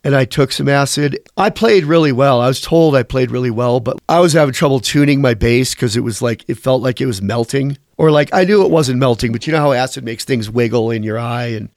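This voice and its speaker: A man in his fifties, a former band bassist, telling candid, profane stories in a rambling interview. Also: fairly quick, hardly any pauses, a little mellow, no room sound, clean studio sound.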